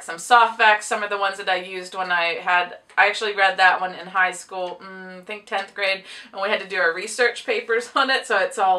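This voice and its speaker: A book vlogger who teaches a book publishing class chats casually to camera about her books, rambling and laughing a lot. Her mid-range voice sounds pushed and bright, and she's far from the mic. She chews gum the whole time, with audible clicking.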